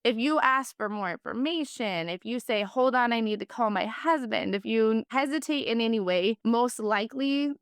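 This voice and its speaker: A woman in her thirties tells her family's story as a podcast guest, chatty and heartfelt, with "like" scattered through her talk. Her voice is smooth and clear. The sound is dry and close, with no room around it. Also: a little high, moderate pace, hardly any pauses, no echo. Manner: chatty, heartfelt, many "like" fillers. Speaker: podcast guest, foster and adoptive mom. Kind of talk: casual interview storytelling.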